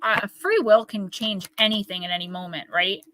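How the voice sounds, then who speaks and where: A woman's voice: medium pitch, fairly even intonation, normal speed, pushed and bright, a little hiss or hum. Chatty Northern New Jersey woman. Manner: chatty, rambling, talks straight to viewers. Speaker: oracle card reader. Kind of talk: casual live-stream card reading.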